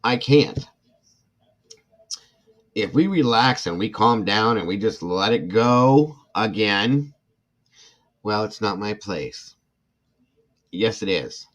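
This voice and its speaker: A man's voice: on the low side, expressive, takes it slowly, long pauses. A middle-aged man hosting a true crime livestream, ranting with indignant passion, reading comments from chat and apologizing between outbursts. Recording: dull lo-fi sound.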